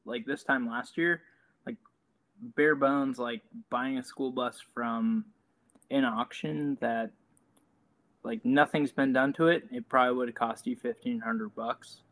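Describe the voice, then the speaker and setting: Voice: medium pitch, steady tone, measured pace, fairly bright tone. A person co-hosting a casual podcast, talking loosely with many fillers. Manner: filler-heavy casual talk.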